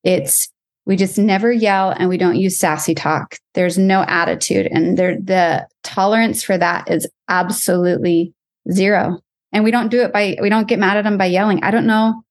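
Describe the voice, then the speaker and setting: A woman's voice: medium pitch, fairly even intonation, moderate pace. A mom and program co-founder speaking as an interview guest, stating her views firmly and with emphasis. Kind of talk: casual interview conversation.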